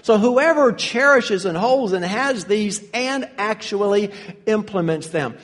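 A man's voice: sits high, expressive, measured pace, fairly bright tone. A man preaching an earnest verse-by-verse sermon, leaning hard on key words as he teaches. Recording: long reverb of a hall.

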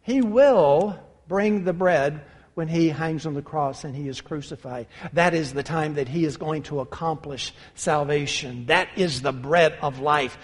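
A man with a voice on the high side preaches a sermon at a measured pace, speaking with emphasis and calling his listeners brothers and sisters. A long hall reverb surrounds the recording.

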